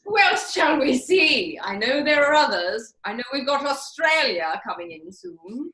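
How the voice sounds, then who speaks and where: Casting: woman doing a high, bright-voiced, pompous grande dame, swooping and theatrical, echoey video call. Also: big pitch swings, unhurried, exaggerated voice. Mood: gushing grand. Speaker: host of a live online master class. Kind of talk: comic character performance.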